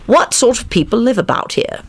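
A man's voice: very high voice, lively intonation, a little fast, slightly rough, voice pushed up, full character voice. A man voicing a curious, polite little girl in a bedtime story, earnest and puzzled. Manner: polite, questioning.

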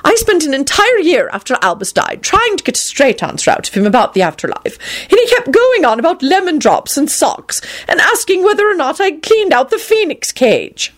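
A woman voicing a stern, brisk elderly headmistress who scolds in a high, sharp voice. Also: sing-song. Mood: scolding.

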